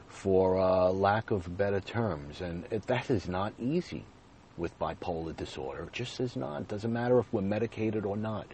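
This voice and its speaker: A man's voice: fairly low pitch, measured pace, darkish tone, slight background noise. A man hosting his own podcast, talking earnestly and directly to his listeners in repeated, plain phrases. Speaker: podcast host. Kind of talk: personal podcast monologue.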